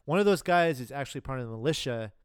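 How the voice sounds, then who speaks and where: A man's voice: medium pitch, quick pace, smooth, no echo. Man chatting on a podcast, dry sound. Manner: relaxed, chiming in with short remarks. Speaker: podcast co-host. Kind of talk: casual podcast chat about movies.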